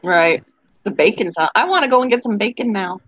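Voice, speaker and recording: A chatty woman hosts a relaxed group conversation and keeps breaking into laughter. She acts out little quoted exchanges, and her voice sits close and dry with no room sound. Her pitch is mid-range. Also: brisk, no room sound, muffled recording. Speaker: host. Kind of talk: casual chat.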